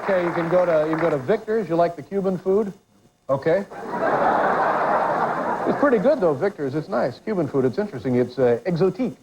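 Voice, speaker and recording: A man's voice: fairly high pitch, animated, brisk, pauses often, very noisy. A man hosting a quiz segment on a talk show, teasing his contestant in rambling, joking banter. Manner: teasing, rambling, with many restarts. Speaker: talk show host running a quiz bit. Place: TV studio with a live audience. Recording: muffled broadcast audio with loud crowd.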